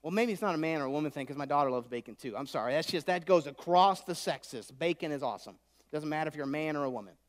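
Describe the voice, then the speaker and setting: A man in his thirties preaching a sermon, swinging between loud pleading and soft, close talk. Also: fairly high pitch, expressive, fast. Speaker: pastor. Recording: long hall reverb.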